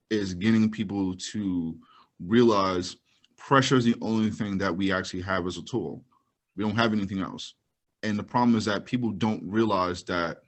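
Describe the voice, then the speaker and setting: A man guest on a political podcast, easygoing and agreeable, speaking in casual chat. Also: fairly low pitch. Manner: easygoing, agreeable, laughs along. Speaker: activist guest.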